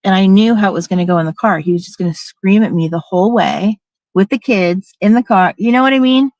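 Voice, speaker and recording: A woman's voice: mid-range voice, fast talker, a little mellow, dry recording. Candid middle-aged woman telling a story. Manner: candid, emphatic, swearing, quotes people in acted voices. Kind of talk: casual storytelling.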